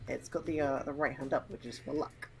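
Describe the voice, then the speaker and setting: A woman's voice: very deep voice, steady tone, brisk, soft background music. A woman chatting hesitantly and apologetically on a game stream with friends. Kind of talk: casual game stream chat.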